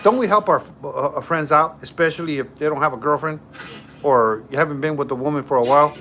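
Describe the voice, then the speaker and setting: A man's voice: on the high side, quick pace, sharp tone, slight background noise. A man hosting a livestream, telling a story to his chat in a casual, joking way and repeating himself often. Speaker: livestream host.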